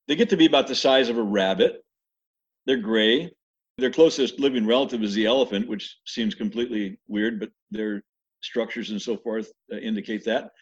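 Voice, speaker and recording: An older man tells stories in a loose, rambling way, full of restarts and asides. His voice is a little husky, and the recording sounds dull and lo-fi. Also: mid-range voice. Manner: rambling, many restarts, imitates animal screams. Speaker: interviewee recalling mission life. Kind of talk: casual storytelling.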